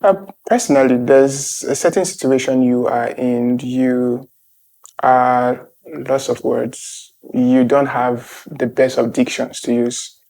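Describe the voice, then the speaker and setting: A Nigerian man answers interview questions with a mid-range voice. He is animated and often breaks into laughter while he talks. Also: medium pitch, slow pace, low-quality recording. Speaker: festival guest.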